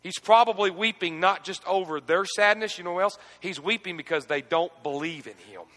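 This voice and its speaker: A man preaching a sermon, asking the congregation to repeat scripture with him and moving between quiet reflection and emphatic questioning. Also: high-pitched, fairly quick, in a large hall. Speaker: pastor. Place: church.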